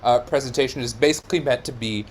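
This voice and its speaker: A man's voice: mid-range voice, fast talker. A man teaching Italian diction in an online lesson, explaining step by step and checking in with "yeah?" and "right?".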